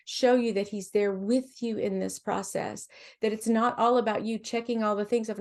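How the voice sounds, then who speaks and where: A woman guest on a faith podcast, talking in a gentle, encouraging way with frequent restarts. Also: mid-range voice, fairly even intonation, normal speed. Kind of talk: faith-based podcast conversation.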